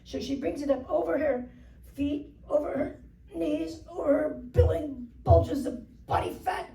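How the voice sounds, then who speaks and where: An older woman comic works the stage with a rambling, self-deprecating patter, often laughing at her own jokes. Her voice is fairly high and mellow. She sounds roomy and far from the mic, with faint room noise behind her. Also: measured pace, vocal fry. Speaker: stand-up comedian. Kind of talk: stand-up comedy routine. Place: stage before a live audience.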